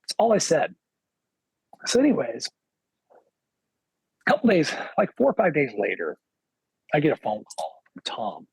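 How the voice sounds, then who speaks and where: A man's voice: a little high, unhurried, creaky, long pauses, slightly rough, dry recording, low-quality recording. A middle-aged man, a guest guitarist, telling stories in a casual interview and acting out what others said. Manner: lively anecdote teller, acts out quoted dialogue.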